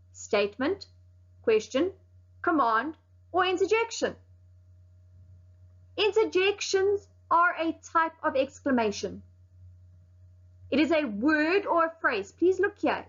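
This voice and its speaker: Speaking high and a bit bright, the teacher walks her young pupils through the recorded lesson carefully, leaning hard on key words. The audio has a slightly dull, lo-fi quality.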